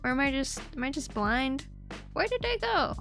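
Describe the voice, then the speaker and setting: Woman streamer, high voice, animated giggly chat, light background music. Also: moderate pace. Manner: giggly, animated, swears casually. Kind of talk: casual stream chat recapping a manga.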